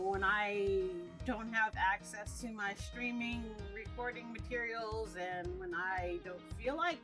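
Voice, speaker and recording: A woman streamer talks casually while she plays, rambling from one thing to the next and filling gaps with ums. Her voice sits a bit higher than most. Clear game music runs underneath her. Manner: rambling and chatty with frequent ums. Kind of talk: casual let's-play chat.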